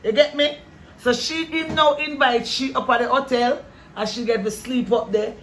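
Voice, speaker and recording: Jamaican man, high bright voice, talkative barbershop storyteller. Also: normal speed, a little hiss or hum. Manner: rambling animated storytelling. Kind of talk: casual chat.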